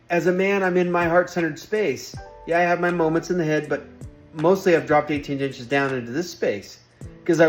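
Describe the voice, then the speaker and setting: Earnest man preaching heart-centered ideas. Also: on the high side. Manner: emphatic and repetitive, pleading with listeners. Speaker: vlogger hosting a workplace show. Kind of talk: earnest spiritual monologue.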